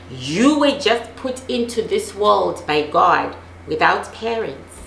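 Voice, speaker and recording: A woman's voice: medium pitch, lively intonation, slow pace, vocal fry, a bit bright, roomy sound, a little hiss or hum. A middle-aged woman giving an intense personal monologue, emphatic and repeating lines for force, swearing as she talks. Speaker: host.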